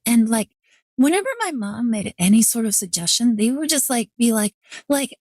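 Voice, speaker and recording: A woman streamer telling a long story in casual chat, her voice sitting a touch high. She rambles and leans on "like" constantly, sinking lower whenever she imitates someone. The sound is dry and close, with no room around it. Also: darkish tone, no echo. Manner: rambling, fills every pause with "like"; acts out quoted people in a lower voice. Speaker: VTuber streamer.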